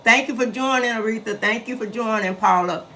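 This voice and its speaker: Chatty woman in her sixties, high-pitched. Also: brisk, bright, forceful tone, a little hiss or hum. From west side of Chicago. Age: 60s. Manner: chatty, emphatic, speaks straight to viewers. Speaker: host addressing live viewers. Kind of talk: casual live-stream storytelling.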